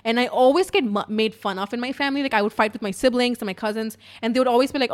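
A young woman telling a story in a casual, profane, animated way at home in her apartment. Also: fairly high pitch, fast talker, hardly any pauses.

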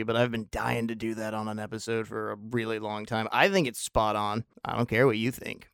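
Man, podcast host, opinionated film review, rambling, wry asides, smooth voice, dry close sound. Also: fairly low pitch, level tone, fairly quick, few pauses, fairly bright tone, no room sound. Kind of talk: casual solo film review monologue.

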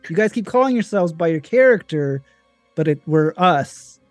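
A man's voice: fairly high pitch, lively intonation, normal speed, no room sound, soft background music. A man arguing with exasperation as a player in a tabletop game. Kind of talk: casual tabletop play.

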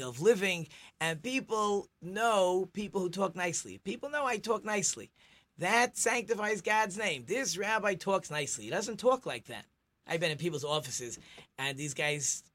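A man's voice: high-pitched, bright, forceful tone. A middle-aged man, a rabbi hosting a radio talk show, chatty and teacherly, telling jokes.

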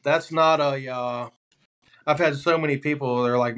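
A man with an ordinary middle-pitched voice tells hunting stories as a podcast guest. He talks loosely and with energy and lands his punchlines deadpan. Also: normal speed, clear, resonant tone. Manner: animated, deadpan punchlines in anecdotes. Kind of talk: casual podcast storytelling.

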